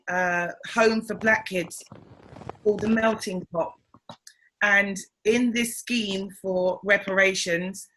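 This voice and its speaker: A middle-aged woman, an interview guest and comedian, telling family stories in a casual, animated way and acting out the voices of the people she quotes. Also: mid-range voice, low-quality recording.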